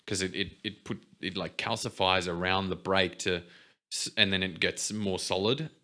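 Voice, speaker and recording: A young man on a podcast with a lowish, strikingly bright and forceful voice. He talks in a relaxed way and fills his explanations with "like" and small restarts. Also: moderate pace. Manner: relaxed storyteller, explains things with many fillers. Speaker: podcast co-host. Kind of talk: casual podcast chat.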